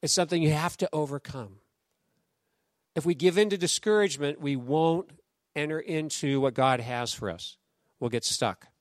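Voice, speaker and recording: Guy preaching, kinda high voice, chatty storyteller, dry close sound. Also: normal speed, no room sound. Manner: conversational, animated storytelling with quoted voices. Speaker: pastor. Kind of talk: sermon.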